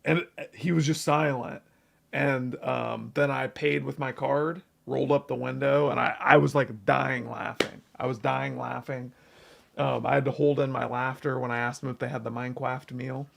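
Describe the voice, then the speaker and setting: A man hosting a casual livestream, reading viewers' names aloud and chatting in an excitable, profane way. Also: fairly high pitch, vocal fry. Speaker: livestream host.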